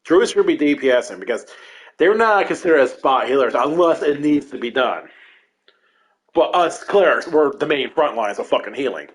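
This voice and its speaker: A man's voice: mid-range voice, animated, moderate pace. A man telling rambling raid stories over gameplay, swearing constantly in casual commentary. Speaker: gamer recounting raid stories.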